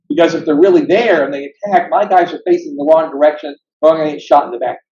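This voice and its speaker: Animated storytelling man, echoey hall. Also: high-pitched. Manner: animated storyteller, acts out quotes. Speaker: guest speaker. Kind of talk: history lecture. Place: meeting hall. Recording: echoey, dull lo-fi room recording.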